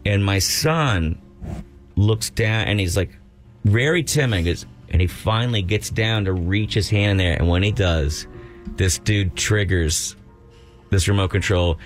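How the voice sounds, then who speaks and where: A man's voice: fairly low pitch, measured pace, soft background music. A man co-hosting a talk show, telling a long funny story in casual chat and acting out the voices of the people in it. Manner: animated storyteller, acts out quoted voices. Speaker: radio show co-host.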